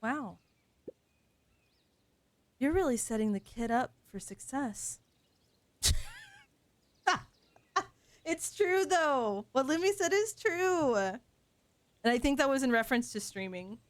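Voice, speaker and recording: High and very animated, this woman's voice moves at a slow pace with frequent pauses and no room sound. She's a game streamer making casual live-stream chat while she plays, teasing playfully and poking fun at herself.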